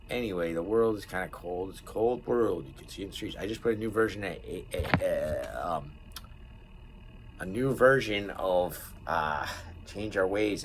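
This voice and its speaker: A man's voice: deep voice, slight background noise, rough recording. A young man talking candidly in a rambling vlog, swearing freely. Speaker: vlogger. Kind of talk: casual rambling monologue.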